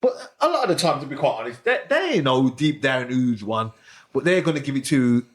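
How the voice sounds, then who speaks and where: A man's voice: mid-range voice, big pitch swings, a little fast. A man from the Black Country with its accent, a retired boxer chatting as a podcast guest, repeating phrases and saying "you know" often. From Smethwick, Black Country, England. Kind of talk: casual podcast chat.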